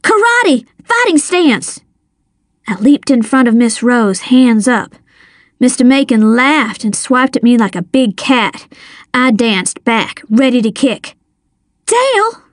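Slow, dramatic woman narrator. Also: fairly high pitch, no echo, clean studio sound. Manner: measured, dramatic. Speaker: audiobook narrator. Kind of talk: scripted first-person narration.

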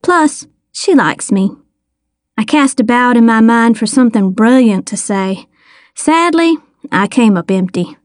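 A woman reading a first-person story with wry, deadpan humor. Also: fairly high pitch, measured pace, dry recording, studio quality. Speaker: audiobook narrator.

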